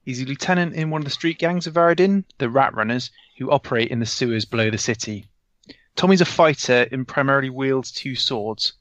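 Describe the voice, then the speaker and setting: A chatty man talks through his tabletop character in a casual podcast way, stumbling over words and filling gaps with ums. His voice sits at a middling pitch, recorded close and dry on a slightly dull, lo-fi mic. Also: brisk, fairly bright tone, no room sound. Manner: chatty, self-correcting, frequent ums. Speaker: player introducing his character.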